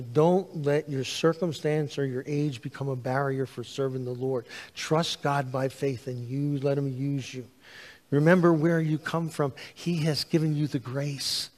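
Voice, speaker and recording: A man, a pastor preaching a sermon, telling stories with lively acted-out dialogue. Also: on the high side. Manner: animated storytelling, acts out dialogue. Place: church sanctuary. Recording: long hall reverb.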